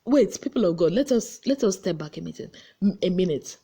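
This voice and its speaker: A Nigerian woman recapping reality-show gossip late at night, tired but lively, acting out what people said. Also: brisk, breathy edge. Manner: animated storyteller, acting out quotes with big pitch jumps. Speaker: gossip vlogger. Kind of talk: casual chatty recap. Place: her room at home.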